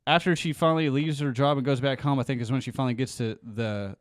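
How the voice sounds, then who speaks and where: Podcast co-host dude, blunt, swears a lot, dry close mic. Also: male voice, mid-range voice, fairly even intonation, fast, no echo. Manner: blunt, profane, laughs while talking. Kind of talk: casual chat.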